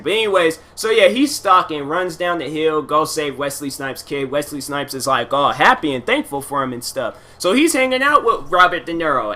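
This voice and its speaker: A man rambles on his own in a relaxed, casual monologue, looping back on himself with fillers and slang. His voice sits a little high for a man and has a bright, forward edge. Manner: loose, repetitive, filler-heavy storytelling with casual slang. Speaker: solo podcast host.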